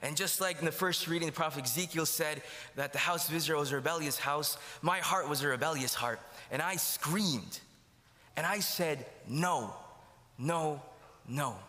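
A man's voice: a little high, moderate pace, pushed and bright. A man giving a sermon testimony in a church, telling his story and acting out the dialogue. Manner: storytelling, acts out quoted dialogue. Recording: long hall reverb.

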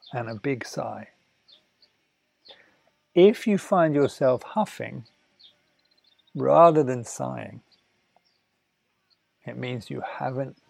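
Slow gravelly man guiding relaxation. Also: mid-range voice, no room sound. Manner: slow, soothing, drifts between soft murmurs and louder asides. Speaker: wellness teacher. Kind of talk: guided talk on breathing and relaxation.

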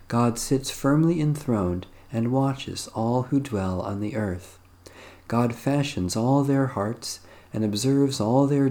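A man reading an evening prayer service aloud in a measured, solemn liturgical manner. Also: medium pitch, dark tone. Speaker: prayer leader. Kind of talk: slow recited evening prayer.

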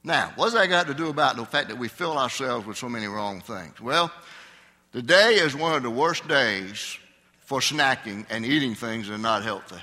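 An older male pastor with a mid-range voice speaks at normal speed, his intonation lively and his tone pushed and bright. His Sunday sermon is conversational and full of questions to the congregation. Long hall reverb fills the church sanctuary recording.

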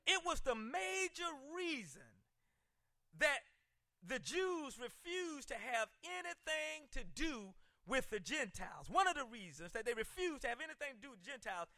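A male pastor preaching a sermon, driving points home with shouted emphasis and stumbling repeats. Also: very high voice, very animated, normal speed, gravelly, no echo.

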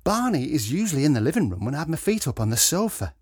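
A kindly, fussing elderly woman from a storybook, put on by a man reading aloud. Her voice sits higher and flutters up and down with motherly chatter. The tone is slightly husky and close, with a dry sound. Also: big pitch swings, fast, no room sound. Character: kindly older woman homeowner, fussing and gentle.

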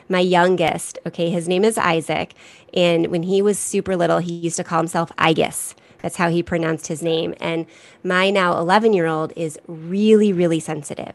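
A middle-aged woman speaking as a guest in a casual podcast conversation, chatty and animated with quick asides. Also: lowish voice, no room sound. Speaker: guest, gifted education resource creator.

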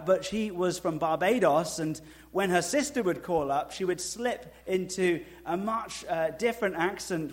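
A pastor delivers a sermon conversationally with dry humor, sinking into slow, soft emphasis and then rising into loud, high-pitched asides.

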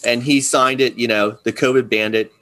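A male podcast co-host chats casually, rambling with plenty of fillers and restarts. His voice is mid-range and a bit bright, with fairly even intonation and a normal speaking speed.

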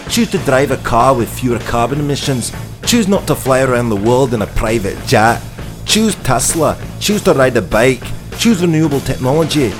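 A man's voice: medium pitch, lightly acted. A man putting on a Scottish accent, delivering a punchy, repetitive rant in the style of a film monologue. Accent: Scottish, put on. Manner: declamatory, punchy repeated slogans.

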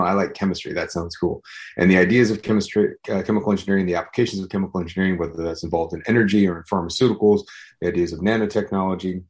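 A man's voice: sits low, darkish tone. A young man hosting a podcast, introducing the episode in a loose, casual way. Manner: quick, loose talk with fillers. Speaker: podcast host.

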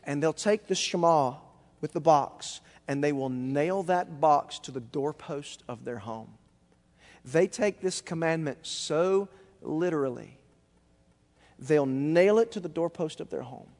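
A male pastor preaching a sermon emphatically, rising to near-shouts and then dropping low. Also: expressive, takes it slowly, big-room sound.

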